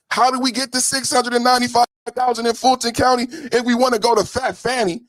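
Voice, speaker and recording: A man hosting a podcast, giving a fiery, profane political commentary rant with mocking jabs and bursts of shouting. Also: extremely high pitch, flat delivery, fast talker, few pauses, no echo, poor audio. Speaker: podcast host.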